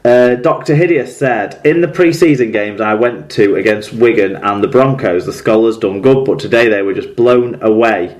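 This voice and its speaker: Chatty male podcast co-host reading messages. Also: lowish voice. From England. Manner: reads fan messages aloud in an easy, chatty way. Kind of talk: casual sports podcast chat, reading listener messages.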